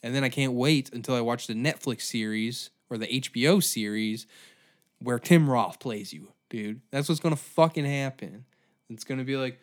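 A man's voice: mid-range voice, moderate pace. A man hosting a podcast, ranting in a rambling, heavily profane, exaggerated way. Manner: swears constantly, rambling, exaggerated outbursts. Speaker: podcast host. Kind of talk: profane comedic rant.

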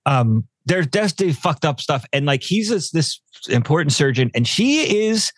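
Male podcast co-host, animated, recounts film scenes with quoted voices; dry close mic. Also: fairly high pitch, moderate pace, no echo. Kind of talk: casual film discussion.

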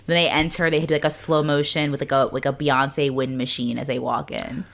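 A woman's voice: rumbling low, flat delivery, fairly quick, creaky, fairly bright tone. A woman co-hosting a podcast, recapping a TV episode in casual, giggly chat full of fillers. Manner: chatty, giggly, many fillers. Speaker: podcast co-host.

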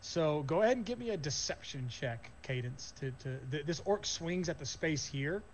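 Casual higher-voiced man running a game. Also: animated, moderate pace, slight background noise. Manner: loose, filler-heavy narration. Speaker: game master. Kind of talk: narrating a tabletop game.

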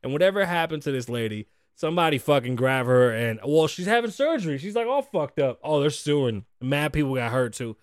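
High-voiced man ranting casually in a dry studio. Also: brisk, hardly any pauses, no echo. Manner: animated, swearing, acts out quotes in loud bursts. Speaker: podcast host. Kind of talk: casual profane talk-show rant.

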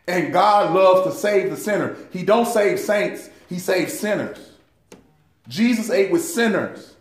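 A man's voice: sits high, expressive, slow, reverberant. A man teaching a Bible study in an impassioned preaching style, calling his listeners saints. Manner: impassioned, addresses listeners as saints, rises in fervor.

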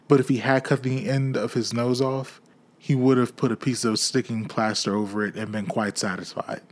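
A man reading a classic novel aloud in a steady, measured storytelling way. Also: mid-range voice. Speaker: audiobook reader.

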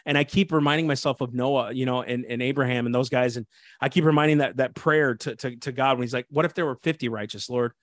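A man's voice: medium pitch, steady tone, fast talker, a bit bright, dry recording, studio quality. A man who is an assistant pastor, speaking fervently and preachily in an interview, often restarting his sentences. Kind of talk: impassioned interview talk.

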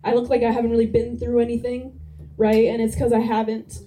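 Deadpan young woman doing stand-up. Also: fairly high pitch, fairly quick, recorded from a distance, rough recording. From New Jersey. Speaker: stand-up comedian. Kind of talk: stand-up set. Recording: live club crowd laughter.

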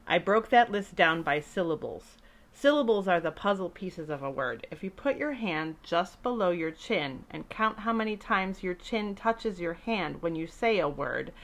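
Speaking gently and warmly to children, a female entertainer with a fairly low voice tells a friendly story and explains words in simple terms.

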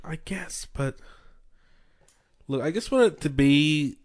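A man's voice: a little high, lively intonation, takes it slowly. A young Australian man co-hosting a podcast, rambling and exasperated in casual chat. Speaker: podcast co-host.

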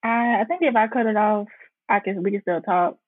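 A woman hosting a podcast in a relaxed, casual chat, laughing easily and using slang. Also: medium pitch, a little fast, husky, no echo, phone-quality sound. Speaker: podcast host.

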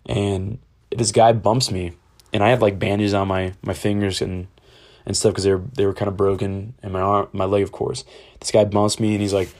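A young man with a low, fairly monotone voice recounts a personal story in a loose, rambling way. He speaks candidly and swears freely as he goes. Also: moderate pace. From Ohio, USA.

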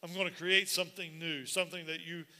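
A man preaching a sermon as pastor, animated and repetitive, building up to shouts. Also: fairly high pitch, fast.

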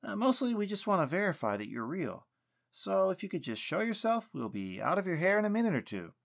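A polite, hesitant grown man on the case, pitched clearly higher than the teller's own voice, as a male narrator puts him on. He stumbles over fillers and stays courteous even when firm. The voice carries lively rises and falls. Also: fairly quick, full character voice. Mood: coaxing. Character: earnest adult male investigator, hesitant.

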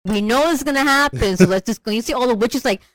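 A woman chatting casually about a film, animated and slangy, often mimicking characters in high voices. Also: fast, dry recording, rough recording. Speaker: podcast co-host discussing a film. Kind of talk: casual chat.

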